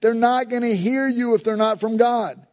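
A man preaches in a high, mellow voice, talking to the congregation as if in conversation. He swings from loud, emphatic lines to soft, low asides. The recording sounds a little dull. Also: steady tone, normal speed. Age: adult with a school-age son. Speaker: pastor. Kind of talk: sermon.

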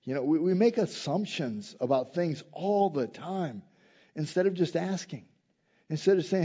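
A man delivers a sermon in a fairly high, mellow voice, dropping into quiet reflection and then climbing to loud, emphatic points. He asks his listeners questions directly. The recording is slightly dull and lo-fi. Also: unhurried, slightly rough. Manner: swings between quiet reflective passages and loud emphatic rises. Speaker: preacher.

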